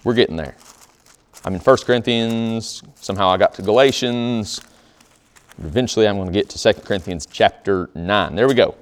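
A man's voice: fairly low pitch, moderate pace, clear, resonant tone. A man preaching a sermon as pastor, speaking conversationally with jokes and reading scripture aloud.

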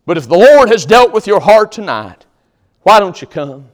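High, lively-voiced man preaching a sermon. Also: moderate pace. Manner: loud, ringing scripture recitation; folksy, conversational asides to the congregation. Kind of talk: sermon with altar call. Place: church sanctuary.

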